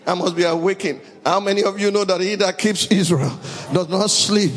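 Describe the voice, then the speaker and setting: Preaching in a big, echoing hall before a congregation, a man reads scripture and bursts into dramatic shouts, drawing responses from the crowd. He speaks at a moderate pace, his voice sitting high.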